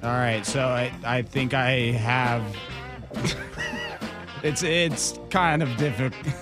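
A man's voice: mid-range voice, fairly even intonation, slow, over music. A man who produces a sports radio show, joining the casual banter with a self-deprecating manner.

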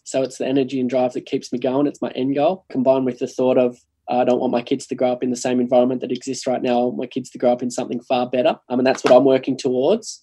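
Earnest halting man. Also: medium pitch, mellow. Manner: earnest, halting, many restarts. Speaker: podcast guest. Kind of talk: casual interview chat.

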